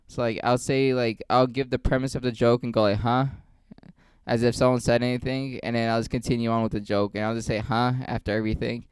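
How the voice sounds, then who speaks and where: A man's voice: medium pitch, little pitch movement, fast talker, few pauses, clear, resonant tone, no echo. A young man, a stand-up comedian, rambling through a casual vlog with lots of swearing and self-mockery. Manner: rambling, profane, self-mocking.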